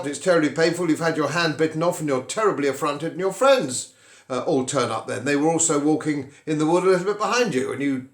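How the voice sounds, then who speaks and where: An older man from England giving conversational commentary to camera, telling a wry story with animated delivery. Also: on the high side, fairly quick, roomy sound.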